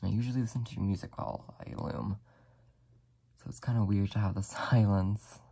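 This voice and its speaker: Low-voiced craft tutor with a dark, gravelly tone, talking gently and apologetically through each step. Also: fairly even intonation, moderate pace. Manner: soft-spoken, apologetic, talks while working with frequent "like" fillers. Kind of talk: casual step-by-step tutorial narration.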